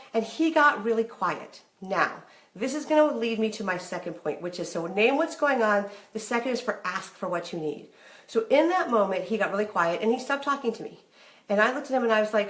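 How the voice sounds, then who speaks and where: A middle-aged woman talks straight to camera in a candid, conversational way, acting out snatches of remembered arguments as she goes. Her voice sits at a middling pitch, and the room around her is noticeably echoey. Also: lively intonation, brisk. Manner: chatty, candid, acts out remembered dialogue. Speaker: marriage advice host. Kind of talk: casual talk to camera.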